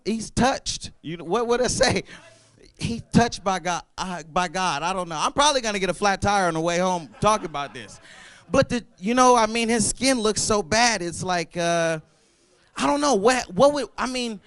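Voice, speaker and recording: A young man doing an open mic stand-up set, animated and loud, throwing apologetic asides to the crowd. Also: high-pitched, no room sound. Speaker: stand-up comedian. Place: comedy club stage.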